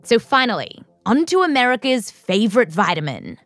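A woman's voice: on the high side, very animated, normal speed, fairly bright tone, faint music behind. A woman with an Australian accent hosting a science show, narrating from a script in a playful, wry way and interviewing a guest. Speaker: host.

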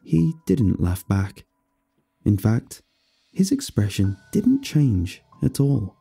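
A man narrating a first-person horror story in a steady storytelling manner. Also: on the low side, takes it slowly, creaky, breathy edge, soft background music.

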